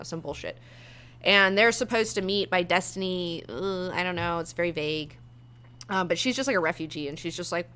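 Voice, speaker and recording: A woman's voice: lowish voice, bright, forceful tone. A woman hosting her show, giving a blunt, rambling, profanity-laced casual review. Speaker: show host reviewing a series.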